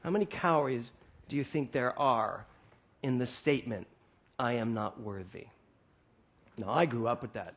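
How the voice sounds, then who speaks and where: Before a congregation in a hall, a male minister gives a sermon on a stage mic in a medium-pitched, slightly bright voice. He keeps a moderate pace broken by long pauses, playfully telling funny stories and voicing the dialogue.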